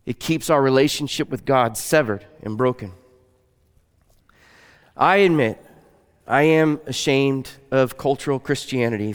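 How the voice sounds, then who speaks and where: A man's voice: mid-range voice, clean tone. Earnest male preacher in a reverberant hall. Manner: earnest, conversational preaching with soft, quiet stretches. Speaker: pastor. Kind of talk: sermon.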